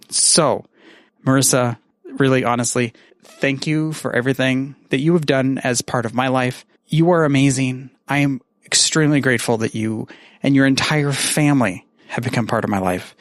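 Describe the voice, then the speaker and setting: A man's voice: medium pitch, fairly bright tone, no echo. A man recording a casual, rambling message to a friend, self-mocking and swearing freely. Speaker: podcaster sending a message.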